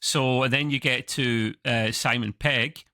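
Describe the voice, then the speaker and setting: Scottish man chatting, bright dry sound. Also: mid-range voice, steady tone, measured pace, no room sound. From Scotland. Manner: rambling, self-correcting, chuckling asides. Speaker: co-host of a TV review show. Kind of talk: casual review chat over a video call. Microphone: video call.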